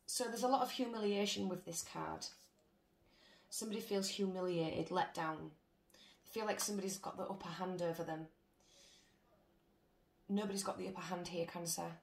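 A woman's voice: on the low side, creaky. Blunt, sweary woman reading tarot. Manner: blunt, chatty, swears freely. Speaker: tarot reader. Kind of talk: casual tarot reading to camera. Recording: echoey room with faint noise.

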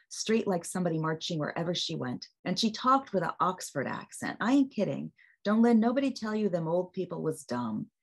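A woman reading as an older father, folksy storyteller. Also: fairly low pitch. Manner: folksy vernacular storytelling, slowed and emphatic. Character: older man, a father fondly recalling family elders.

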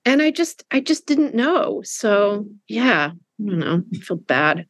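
A middle-aged woman author being interviewed, telling candid stories in a lively way with frequent restarts. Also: mid-range voice, measured pace, no room sound, clean studio sound. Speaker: author guest. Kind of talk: conversational interview.

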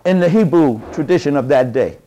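A man giving an impassioned lecture to a live audience, speaking in a folksy, colloquial way and rising to shouted emphasis like a preacher. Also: fairly high pitch, animated, a little fast, muffled recording. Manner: folksy, colloquial, with double negatives.

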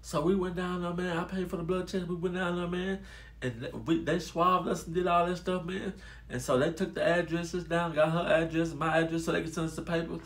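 Brief: male vlogger, slightly high voice, animated casual storytelling, talks straight to viewers. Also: brisk. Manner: animated, addresses listeners as y'all.

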